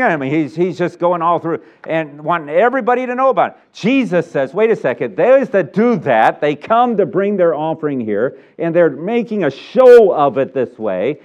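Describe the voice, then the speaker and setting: A man preaching a sermon in a church, animated and playful, acting out scenes with sound effects. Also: fairly high pitch, normal speed, few pauses, lo-fi sound. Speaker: pastor.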